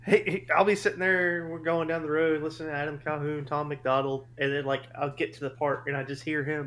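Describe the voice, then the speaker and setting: A man's voice: fairly high pitch, flat delivery, brisk, few pauses, a bit bright, a little hiss or hum. A man co-hosting a podcast, telling funny work stories in casual chat and laughing as he goes. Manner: laughs through his stories. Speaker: podcast co-host. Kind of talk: casual storytelling.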